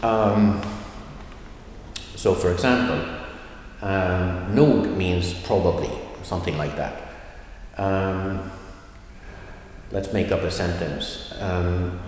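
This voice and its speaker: A man teaching a language lesson, explaining slowly with many fillers and repeating example phrases aloud. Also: low-pitched, a little mellow. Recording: echoey room with long reverb.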